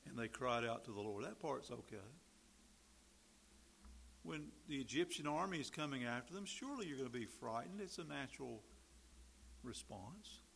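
A man's voice: mid-range voice, lively intonation, normal speed, creaky, long pauses, a bit bright, slight background noise. A man preaching a sermon in a conversational way, acting out little quoted exchanges and asides as he explains the text. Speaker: pastor.

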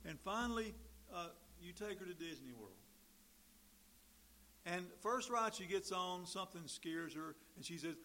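Preaching in a conversational style, this male pastor has a high, bright, expressive voice with a forceful tone and a slightly slow pace. He plays out little quoted dialogues and asides as he works through the text.

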